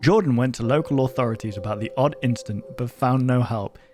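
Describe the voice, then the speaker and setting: A man of middle pitch reads a creepy story aloud, calm and level. He keeps cutting in with loud, startled remarks. Clear music plays under his voice. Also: a little fast. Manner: reads in an even tone, breaks off with sudden loud exclamations. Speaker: reaction video host. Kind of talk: reading a horror story aloud with reactions.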